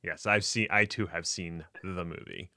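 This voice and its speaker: A man co-hosting a podcast in casual banter, playful and jokey with deadpan bits. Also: low-pitched, normal speed, dry recording, studio quality. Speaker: podcast co-host.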